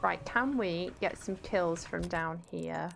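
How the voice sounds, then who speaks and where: A woman's voice: on the low side, slow, vocal fry, faint music behind. A woman live-streaming a game, chatting casually with her viewers and exclaiming at the action. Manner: chatty, reads chat aloud, exclaims at the game. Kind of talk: casual live-stream chat while gaming.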